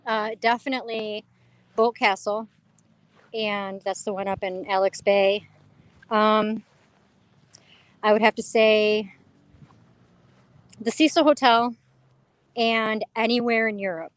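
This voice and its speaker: A woman chatting casually as an interview guest, animated and quoting herself as she tells stories. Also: mid-range voice, takes it slowly, pauses often, clear, resonant tone, no echo. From New York. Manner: animated storyteller, quotes herself and others. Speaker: paranormal investigator guest.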